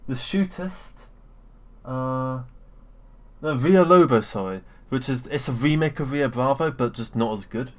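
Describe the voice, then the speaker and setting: Rambling, sweary young British man. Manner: rambling and sweary, with frequent fillers and self-interruptions; excitable, often jumping up in pitch and loudness. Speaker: vlogger. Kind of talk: casual rambling rant.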